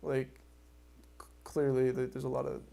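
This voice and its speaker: A man hosting a podcast in casual chat, rambling and animated, laughing often and swearing freely. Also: medium pitch, normal speed, vocal fry. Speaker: podcast host.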